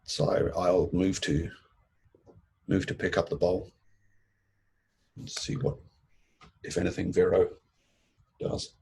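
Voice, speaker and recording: A man's voice: sits low, little pitch movement, slow, gravelly, long pauses, mellow, breathy edge. A man playing a tabletop game, talking in a hesitant, thoughtful way. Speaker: player. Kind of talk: tabletop role-play.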